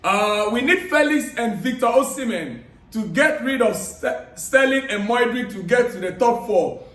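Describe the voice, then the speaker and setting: A man vlogging about football news, chatting casually and giving friendly, repetitive shout-outs while reading viewer comments aloud. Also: extremely high pitch, expressive, normal speed. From Africa. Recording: echoey room, distant mic.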